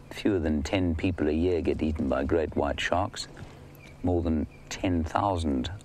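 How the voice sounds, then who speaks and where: A man's voice: rumbling low, a little mellow, slight background noise. A man hosting a live safari broadcast, chatting and explaining to viewers while answering their questions by name. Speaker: safari guide and live host. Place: outdoors in the bush. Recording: faint outdoor ambience behind.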